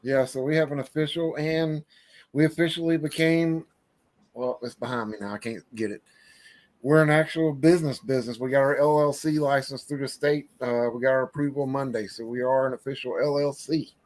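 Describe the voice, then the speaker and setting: A man in casual livestream chat, talking about his small gear business in a halting, easygoing way with frequent restarts. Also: mid-range voice, steady tone, a little mellow. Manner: halting, self-correcting, easygoing. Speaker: co-host, one-man gear business owner.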